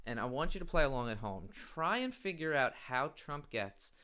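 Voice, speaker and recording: A man's voice: mid-range voice, big pitch swings, moderate pace, bright, forceful tone, clean tone. A man hosting a late-night comedy show, delivering a sarcastic, mocking monologue.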